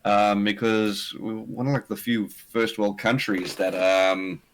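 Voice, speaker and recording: A man's voice: lowish voice, slow, low-quality recording. South African man in casual chat. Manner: animated, self-deprecating, laughs often. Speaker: guest.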